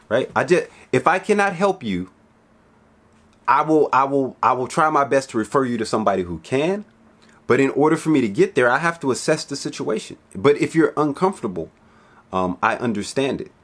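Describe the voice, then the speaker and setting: A man giving a casual, talkative sales lesson, slangy and swearing, acting out both sides of client talks. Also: a little high. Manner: slangy, swears, lots of "right?". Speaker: business coach. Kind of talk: casual teaching monologue.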